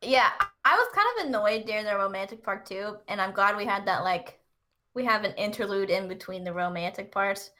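Bright-voiced woman recapping a film. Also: medium pitch, brisk. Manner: animated, acts out quotes in put-on voices. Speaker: podcast co-host recapping a movie. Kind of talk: casual chat.

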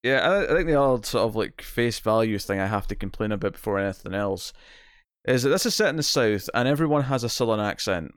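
A man's voice: lowish voice, expressive, fast, clear, resonant tone, dry recording, clean studio sound. A man co-hosting a casual film podcast, talking in a rambling way with many restarts. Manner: rambling, frequent restarts and repeated words. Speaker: podcast co-host. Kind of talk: casual movie review chat.

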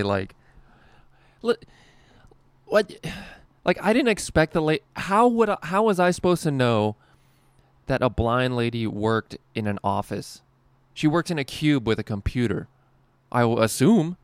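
A man's voice: medium pitch, big pitch swings, measured pace, long pauses, dry recording. A man telling a rambling, profane work story casually, with a lot of laughing.

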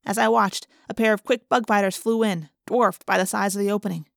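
A woman narrates a first-person audiobook in a steady, measured way. Her pitch is mid for a woman. The recording is close and dry, with no room sound. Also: creaky, no echo.

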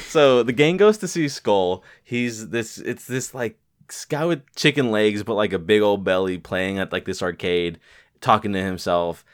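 A man's voice: on the low side, takes it slowly. A young man co-hosting a casual chat about a film, rambling with many fillers and laughing often. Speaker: podcast co-host.

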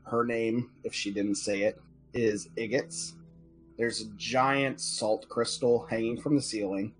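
A man with a fairly low voice, running a tabletop game with easy narration. He speaks in a relaxed, conversational manner. Faint music plays behind him. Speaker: game master.

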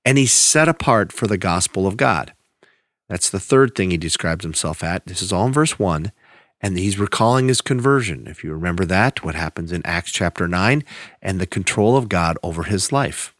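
A man preaching a sermon, teaching through scripture in a conversational way and reading verses slowly with emphasis. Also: deep voice, animated, a bit bright, dry recording, clean studio sound. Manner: conversational with restarts. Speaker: pastor.

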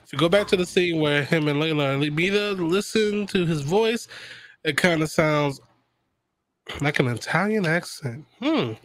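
Male podcast co-host, slightly high voice, casual and excitable, quick to laugh. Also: no echo. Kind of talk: casual chat.

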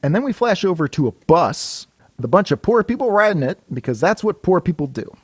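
A man with a slightly higher voice whose pitch swings all over as he rambles and swears through a casual podcast chat. His voice is close and dry, with no room sound. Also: a little fast, husky, dry recording. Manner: animated, rambling, swears freely. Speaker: podcast co-host discussing comics.

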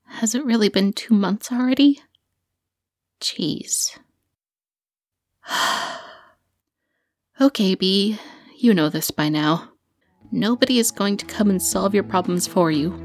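A woman's voice: medium pitch, slow, pauses often, close to an everyday voice. An actress playing a young woman student who talks nervously, stammering with many fillers. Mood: anxious. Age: young adult. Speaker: student and podcaster.

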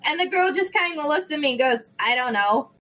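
A young woman telling a story in casual chat, animated, swearing freely and acting out the people in it. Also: high-pitched, a little fast, rough recording. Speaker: podcast host.

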